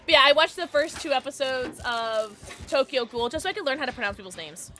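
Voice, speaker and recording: Excitable high-voiced woman streamer. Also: brisk. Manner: chatty, excitable, with sudden high yelps and laughs. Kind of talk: casual livestream chat while gaming. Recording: game music behind the voice. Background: game music.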